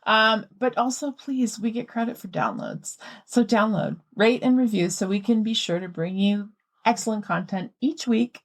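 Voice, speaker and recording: A woman hosting a podcast in a casual, chatty way, animated and quick to laugh. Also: a little high. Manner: animated and giggly. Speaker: podcast host.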